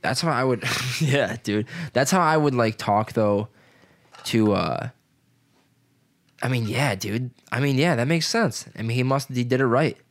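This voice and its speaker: A man's voice: mid-range voice, measured pace. Man, twenties, casual chat, rambling, heavy filler words, swearing. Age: 20s.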